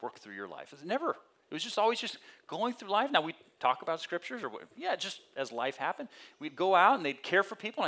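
Guy pastor preaching casual like, tells stories, acts out the voices, a bit higher pitched. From California. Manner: conversational storytelling with animated quoted voices. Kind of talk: sermon.

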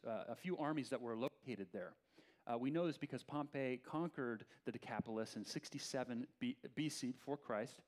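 A man preaching a sermon in a conversational, animated storytelling way. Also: mid-range voice. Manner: opens in a soft, slow prayer. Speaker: pastor.

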